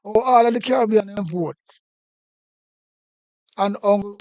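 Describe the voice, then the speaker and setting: High-voiced Jamaican man ranting. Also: measured pace, darkish tone, no room sound. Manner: heated, repetitive, patois-laced rant. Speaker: commentator. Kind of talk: casual political commentary.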